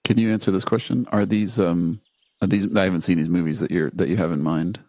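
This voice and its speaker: A man's voice: deep voice, fairly even intonation, brisk, a little mellow, dry recording. A man on a podcast, asking questions and musing with hesitant "um"s. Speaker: podcast co-host. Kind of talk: casual movie discussion.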